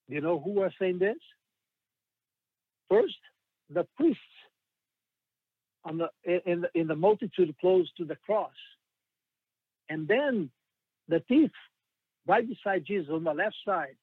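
A man delivers a sermon with earnest emphasis, his voice sitting a little high. The sound is thin and phone-like, very dry with no room echo. He slows down to stress the scripture he quotes. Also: lively intonation, husky. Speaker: preacher.

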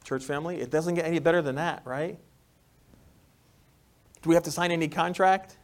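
A New York-accented pastor delivers a conversational sermon at a brisk clip, his voice a little high. He often pauses to ask "right?" and moves back and forth between emphatic loudness and soft, quiet moments.

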